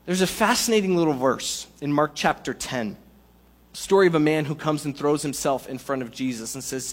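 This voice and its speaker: Lively higher-voiced man preaching. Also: normal speed. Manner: lively, conversational preaching with playful asides. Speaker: pastor. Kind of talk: sermon.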